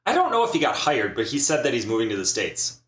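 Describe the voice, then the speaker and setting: A man's voice: medium pitch, fast. A man co-hosting a podcast in casual chat, laughing often. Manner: laughs often, relaxed banter. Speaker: podcast co-host. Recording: echoey room.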